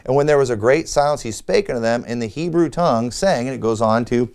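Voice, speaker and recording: A male pastor teaching a church on preaching, his voice smooth and resonant at a middle pitch. He exhorts in an earnest, direct way and reads scripture aloud in old-fashioned wording. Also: fast, darkish tone.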